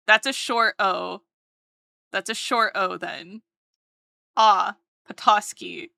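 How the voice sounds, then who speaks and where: Woman, streamer, slow unhurried talk, bright tone, playful teasing chat, dry close mic. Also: mid-range voice, fairly even intonation, creaky, no room sound. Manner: playful, teasing, repeats words and laughs often. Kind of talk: casual chat with live chat while drawing.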